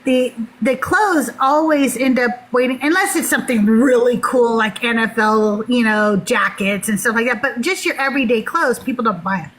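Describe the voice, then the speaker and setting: A woman telling a personal story in casual talk, animated and laughing often. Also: a little high, moderate pace, few pauses, slight background noise, poor audio. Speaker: podcast guest.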